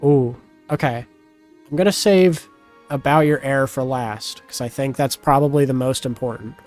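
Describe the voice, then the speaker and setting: A man hosting a live stream, talking casually to his viewers and calling out bids in a quick auctioneer patter. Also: medium pitch, a little mellow, soft background music. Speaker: streamer hosting a game with chat.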